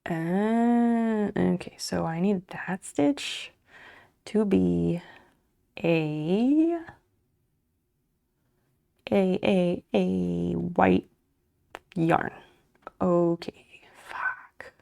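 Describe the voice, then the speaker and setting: Gravelly, mellow-voiced woman streamer. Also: on the low side, extremely slow, long pauses. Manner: mutters and swears under breath while working; chats back to viewers' messages. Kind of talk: casual livestream chat while crocheting.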